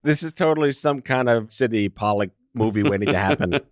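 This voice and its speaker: A man's voice: mid-range voice, no echo, studio quality. A man from New York with a faint New York accent, hosting a podcast interview in a playful, teasing way. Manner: playful, teasing, quick with jokes. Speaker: podcast host. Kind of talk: casual joking interview.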